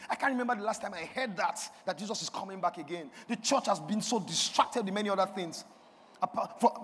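High-voiced preacher in a reverberant hall. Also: male voice, husky. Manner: preaching with call-and-response, shifting from shouting to quiet. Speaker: pastor. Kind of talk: sermon. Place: church hall.

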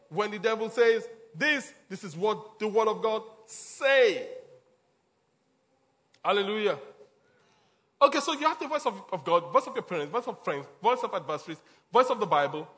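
A man's voice: high-pitched, a bit bright. A man preaching a sermon as a pastor, repeating his points emphatically and chuckling between them.

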